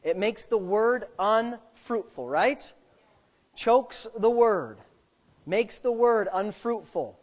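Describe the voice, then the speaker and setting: An animated preacher whose pitch leaps and dips through the sermon. The delivery drops to quiet, quick asides, then swells into loud, slowed-down emphasis. Rhetorical questions keep coming at the congregation, with a light joke now and then. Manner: jokes lightly with the listeners.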